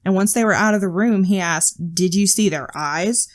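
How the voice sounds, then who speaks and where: A woman's voice: medium pitch, moderate pace. A woman co-hosting a podcast, telling creepy stories in a casual way, with frequent swearing and nervous laughs. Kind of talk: casual storytelling chat.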